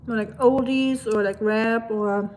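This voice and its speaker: Slow-talking woman chatting while she cooks. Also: a little high. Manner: relaxed, chatty, answers viewer comments. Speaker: livestream cooking host. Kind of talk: casual live cooking chat.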